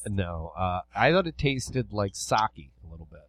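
A man co-hosting a podcast, wisecracking with deadpan sarcasm. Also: on the low side, unhurried, no echo. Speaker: podcast co-host. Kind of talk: casual chat.

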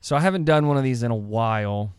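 A man's voice: mid-range voice, fast, a little mellow, clean tone, no room sound. A man co-hosting a podcast, reading a silly short story aloud like an audiobook in a casual joking way. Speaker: podcast host. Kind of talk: comic storytelling.

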